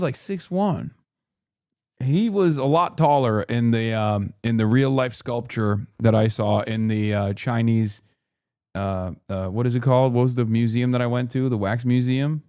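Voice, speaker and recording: A man hosting a live stream, reacting in casual, animated commentary with swearing and quick jokey asides. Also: medium pitch, clean tone, no room sound, clean studio sound. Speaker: streamer host.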